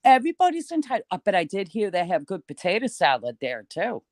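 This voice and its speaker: A man's voice: sits high, fast talker, dry recording. Chatty older man from New York. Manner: chatty storyteller, lively and swearing now and then. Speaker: guest. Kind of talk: casual chat.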